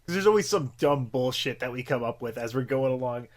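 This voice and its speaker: A man's voice: mid-range voice, lively intonation, brisk. A young man co-hosting a podcast, rambling in casual chat with lots of fillers and swearing. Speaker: podcast co-host.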